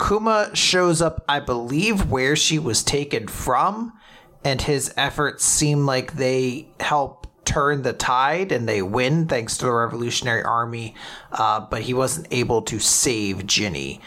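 A man with a bright, forward voice hosting a casual podcast and recapping comic chapters at his own steady pace. He talks in a chatty, loose way with lots of fillers and small restarts, and his voice sits in the middle of the male range. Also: medium pitch, a little slow. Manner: chatty, filler-heavy, animated summarizing. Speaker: podcast host.

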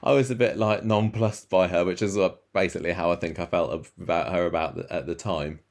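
A man with a very low voice chats casually with a co-host. He rambles through memories, his pitch leaping upward whenever he gets enthused. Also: quick pace, vocal fry. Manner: rambling, excitable, pitch jumps up when enthused. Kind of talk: casual chat.

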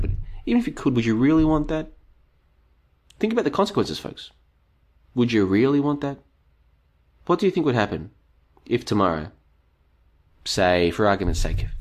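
Speaking in a low voice, a man hosting a live stream reads chat comments and rambles on, referring to his audience as folks. He asks rhetorical question after rhetorical question, and two hours in, his voice is showing fatigue.

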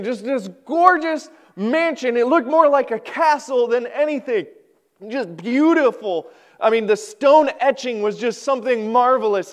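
High-voiced, smooth male pastor. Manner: animated, folksy storytelling with pitch swings. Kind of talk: sermon with storytelling. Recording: podcast recording.

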